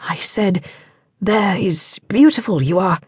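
A woman's voice: medium pitch, expressive, slow, darkish tone, slightly rough, dry recording, studio quality, exaggerated voice. Woman voicing a shy young Welsh miner. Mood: smitten.

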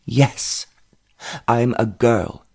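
A man's voice: on the low side, expressive, normal speed, darkish tone. A man voicing a defiant, snappish young woman rider in an audiobook romance. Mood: indignant.

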